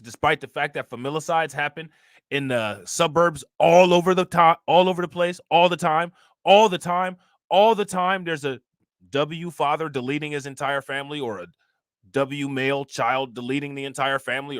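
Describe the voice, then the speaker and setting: A man's voice: a little high, moderate pace, no room sound, clean studio sound. A man hosting a commentary channel, talking to his viewers in an emphatic, heated way, full of rhetorical questions. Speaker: reaction channel host.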